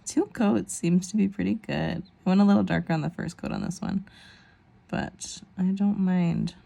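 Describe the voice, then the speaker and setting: A woman's voice: fairly low pitch, fairly even intonation, normal speed, creaky, mellow. A woman in her thirties chatting casually through a nail tutorial, rambling with self-deprecating asides. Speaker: nail vlogger.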